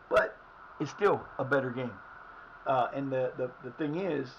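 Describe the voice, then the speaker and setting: A hoarse man streaming live at home who is losing his voice, rambling and swearing at his team as he plays a soccer management game. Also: mid-range voice, muffled recording, slight background noise. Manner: rambling, cursing at the players. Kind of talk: live gameplay commentary. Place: his house.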